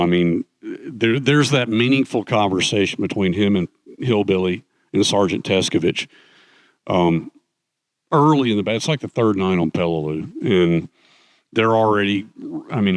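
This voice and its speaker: On a conference stage, an older man appearing as a guest author retells stories at length in a fireside chat, rambling with lots of fillers and restarts. His voice sits low, he talks at normal speed, and the recording is dry.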